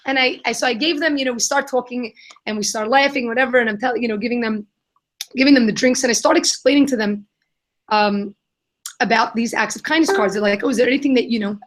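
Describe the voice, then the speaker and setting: A young adult woman answering questions in a live Q&A, telling an animated story and acting out the voices of the people in it. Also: a little high, quick pace. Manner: animated, acts out quoted voices. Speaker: guest, kindness nonprofit founder.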